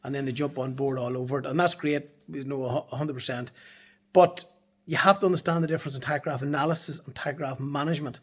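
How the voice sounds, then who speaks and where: A man's voice: mid-range voice, fairly even intonation, quick pace. A man giving a casual talk to camera from his office in the evening. He speaks bluntly and emphatically as a transport compliance consultant, swearing freely.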